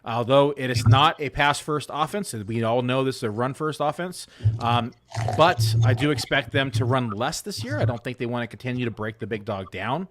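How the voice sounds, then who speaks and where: A man co-hosts a fantasy football podcast as an analyst, chatting in a laid-back, rambling way with plenty of fillers. His mid-range voice is expressive and a bit bright, at a normal speed.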